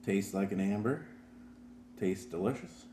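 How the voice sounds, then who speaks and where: A man's voice: fairly low pitch, unhurried, dark tone, slight background noise. A man hosting a casual beer tasting and joke-telling show, talking in a laid-back, filler-heavy way. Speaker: host. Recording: roomy with faint ambience.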